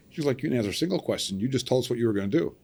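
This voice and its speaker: A middle-aged cable splicer tells a casual story as a podcast guest, speaking rapid-fire in a mid-range voice that's mellow, slightly rough and lively in intonation. He performs the voices of the story's people and laughs along.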